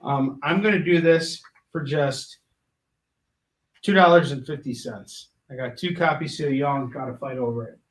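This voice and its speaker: A man co-hosting a live comic shopping stream, pitching books and prices with playful drawn-out delivery. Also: echoey room, rough recording. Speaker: co-host selling comics.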